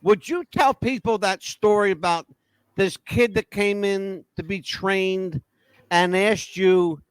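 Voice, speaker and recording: A man with a notably high voice hosts a casual podcast chat, blunt and emphatic, swearing as he makes his points. The sound is dry and close, with no room around it. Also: slow, smooth, no echo. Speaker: podcast host.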